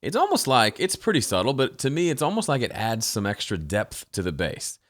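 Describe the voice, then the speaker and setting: A man's voice: medium pitch, wildly swooping pitch, a little fast, fairly bright tone. A man hosting a home studio mixing tutorial, talking casually with frequent fillers and restarts. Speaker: host.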